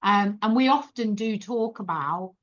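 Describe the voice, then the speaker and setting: A middle-aged woman tells stories as a podcast guest, animated and quick to laugh. She keeps slipping into the voices of the people she is quoting. The recording is dull and lo-fi. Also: mid-range voice. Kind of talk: casual storytelling chat.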